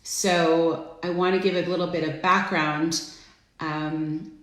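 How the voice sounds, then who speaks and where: A middle-aged woman hosting a casual live stream, chatty and friendly, greeting viewers by name with bursts of excitement. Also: on the low side, takes it slowly. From Florida. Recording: echoey room.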